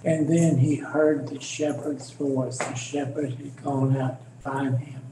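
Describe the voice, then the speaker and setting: Slow-talking man in an echoey room. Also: mid-range voice, flat delivery. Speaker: class member. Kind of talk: storytelling in class discussion. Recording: echoey room with background noise.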